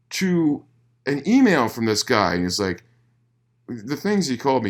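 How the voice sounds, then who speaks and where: A man's voice: medium pitch, measured pace. A man guest in a casual interview, telling a long story with lots of swearing, restarts and laughter, recorded in a living room. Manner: profane, animated storyteller with many restarts. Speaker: musician guest.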